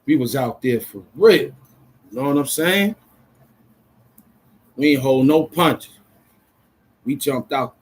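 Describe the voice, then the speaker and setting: An adult man from Brooklyn, chatting casually on a livestream in an excitable, rambling way full of street slang. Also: mid-range voice, slow pace, pauses often, slightly rough, rough recording. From Brooklyn, New York. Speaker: vlogger.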